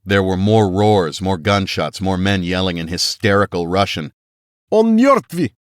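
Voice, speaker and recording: Deep-voiced man narrating tense action. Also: steady tone, moderate pace, no room sound, studio quality. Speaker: audiobook narrator. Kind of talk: first-person scripted narration.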